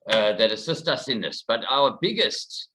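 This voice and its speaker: A man from South Africa giving a fast, informal conference presentation from a research facility. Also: mid-range voice, lively intonation, very noisy. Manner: quick, informal, slightly rushed. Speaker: conservationist presenter.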